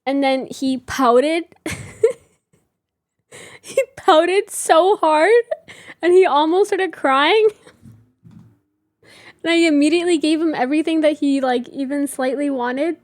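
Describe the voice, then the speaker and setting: A woman in her thirties with a high voice chats casually with her viewers. She is giggly and talkative. The sound is dry and close, with no room echo. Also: takes it slowly, pauses often. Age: 30s. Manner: chatty, giggly, reads chat aloud. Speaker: livestream host. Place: home room with reading chair.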